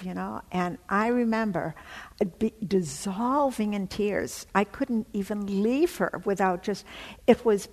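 A woman giving an emotional personal testimony, telling her story haltingly with many fillers. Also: medium pitch, a little mellow, long reverb tail.

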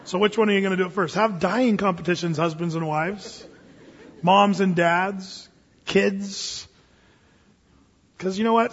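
A man preaching a lively, jokey sermon as pastor, acting out little scenes for his church. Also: sits high, normal speed, husky. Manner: animated, jokey, acts out voices. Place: church hall. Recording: echoey hall, dull lo-fi sound.

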